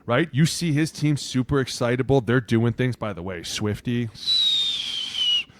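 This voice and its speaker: A man co-hosting a sports podcast in casual talk. He is loud and profane and often acts out what other people say. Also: mid-range voice, huge pitch swings, unhurried. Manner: loud, profane, acts out quotes in put-on voices. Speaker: podcast co-host.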